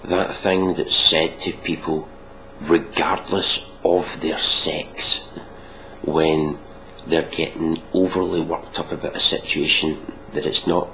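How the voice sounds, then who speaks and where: Deep, gravelly sarcastic man. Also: little pitch movement, slow, pushed and bright, slight background noise, low-quality recording. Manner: sarcastic, mocking, swears freely. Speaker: reaction video host. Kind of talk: casual reaction commentary.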